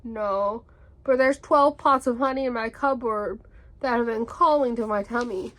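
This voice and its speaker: A woman voicing a gentle, simple male bear who speaks mildly and earnestly. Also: fairly high pitch, measured pace.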